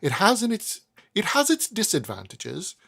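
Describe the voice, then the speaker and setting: A man's voice: sits high, huge pitch swings, normal speed, gravelly, fairly bright tone, slightly rough, voice pushed up, heavily acted. A man reading aloud and voicing a stately, proud old woman who boasts of her family pedigree, in a raised voice with a put-on Welsh lilt. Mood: lofty fond. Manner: lofty, fond, confiding.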